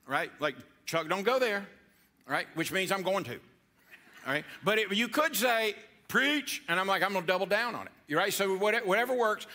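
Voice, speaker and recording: A man's voice: high voice, bright, forceful tone. A middle-aged man preaching a playful, interactive sermon to a church congregation and coaxing them to answer back. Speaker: pastor.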